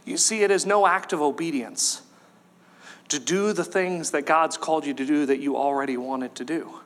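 A man preaching a sermon, animated, acting out voices from the story and at times rising to a shout. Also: a little high, normal speed. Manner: animated, acts out voices of Bible figures, rises to shouts. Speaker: pastor.

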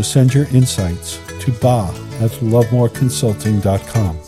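An older man hosting a podcast on holistic education, speaking in a thoughtful, measured way with slight hesitations and telling stories. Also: lowish voice. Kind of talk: reflective podcast conversation and storytelling.

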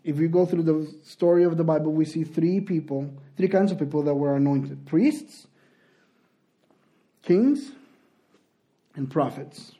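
A man's voice: fairly high pitch, measured pace, pauses often, mellow. A man preaching and teaching a sermon, explaining at length with frequent restarts.

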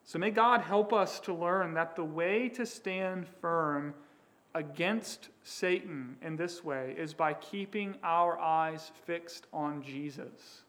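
A man's voice: fairly high pitch, a bit bright. A man preaching a sermon as pastor, with emphatic delivery, voicing the words of figures in the text.

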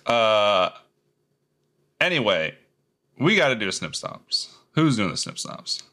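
A man co-hosting a podcast who banters loudly, jokes and runs the show. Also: fairly low pitch, sing-song, takes it slowly. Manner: loud, joking, bossy about the format. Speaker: podcast co-host.

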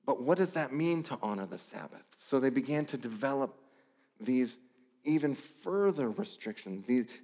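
A pastor delivering a sermon, telling the story with lively asides and brief voiced characters. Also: male voice, fairly high pitch. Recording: long hall reverb.

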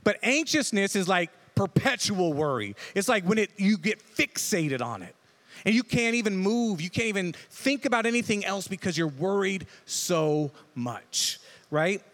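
A man's voice: high-pitched, very animated, normal speed, a bit bright. A man preaching a conversational sermon as pastor, who talks casually and keeps checking in with the listeners by asking "right?". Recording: long hall reverb.

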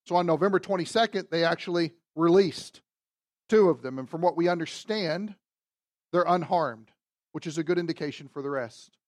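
A man preaching a sermon to a congregation, moving between loud emphatic lines and quiet asides. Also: fairly high pitch, moderate pace. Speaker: pastor. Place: church.

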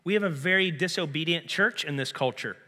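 A man preaching a sermon as pastor, earnest and emphatic, his throat a little clogged so he keeps clearing it. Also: a little high, brisk, bright, forceful tone. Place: church sanctuary. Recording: long reverb of a large hall.

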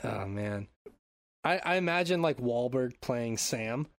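A man's voice: medium pitch, dry recording. A man co-hosting a podcast in casual chat, rambling and joking, swearing freely. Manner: rambling, animated, swearing, quick to joke. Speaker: podcast co-host.

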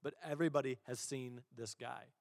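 A man's voice: medium pitch, steady tone, moderate pace, vocal fry, darkish tone, clean studio sound. Conversational male pastor in a reverberant hall. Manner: conversational, self-deprecating, repeats words when restarting. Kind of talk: sermon. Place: church auditorium.

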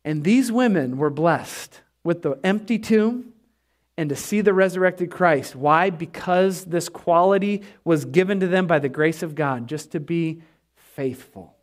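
A man preaching an energetic sermon in a church, asking the congregation for responses as he goes. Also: on the high side, measured pace. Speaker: pastor.

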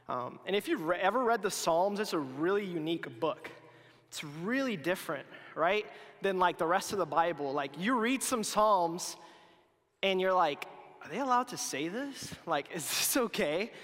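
A young youth speaker with a slightly high, fairly bright voice gives a casual sermon, chatty and full of restarts and fillers, teasing himself about his own slips. A long hall reverb surrounds the recording.

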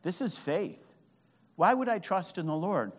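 A man preaching a fervent sermon at a camp, swinging from hushed words to shouted, drawn-out emphasis. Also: high voice, animated. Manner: draws out key phrases slowly. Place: meeting hall at a camp. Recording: long hall reverb.

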